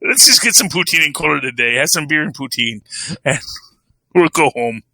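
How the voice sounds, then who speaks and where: Guy putting on a sorry-eh canadian reformed bad guy, a bit high and raspy. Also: animated, pushed and bright, no echo, heavily acted. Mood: apologetic, jolly. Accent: put-on Canadian. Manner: apologetic, chummy, drawn-out "eh". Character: reformed male supervillain, overly polite Canadian.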